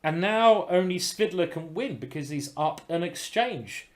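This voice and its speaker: A man giving casual live-stream chess commentary, thinking aloud with restarts and breaking into excited exclamations. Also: fairly high pitch, a little slow. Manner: bursts into excited exclamations at good moves.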